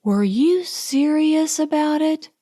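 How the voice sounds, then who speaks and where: A woman voicing a proud, sharp-tongued young society woman in an audiobook, speaking slowly and with pointed distinctness. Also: high-pitched, expressive, pitched above the performer's own voice. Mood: cool, chiding. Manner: crisp and pointed, slow distinct delivery.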